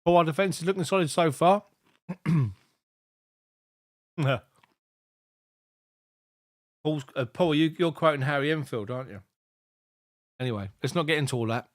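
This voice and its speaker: A man's voice: on the high side, no room sound, clean studio sound. A man giving casual live football commentary from a fan's point of view, chatting to his viewers and reading out their messages. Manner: chatty, rambling, addresses viewers by name.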